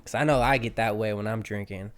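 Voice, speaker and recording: A man's voice: lowish voice, fast talker, clean tone. A man hosting a casual reaction video, laid-back and slangy. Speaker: reaction host.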